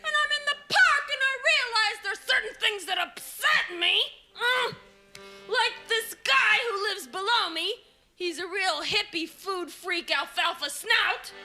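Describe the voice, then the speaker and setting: A woman's voice: extremely high pitch, a little slow, pushed and bright, faint music behind. A woman doing a stand-up comedy routine on stage, brashly insulting the audience. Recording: live show with audience laughter and noise.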